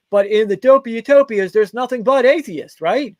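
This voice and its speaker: This is a man with a notably high voice delivering scornful political commentary. He rambles, doubles back and repeats words as he builds his case. The sound is dry, with no room echo. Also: moderate pace, darkish tone, dull audio. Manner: mocking, rambling, with frequent restarts. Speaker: co-host of a political talk show.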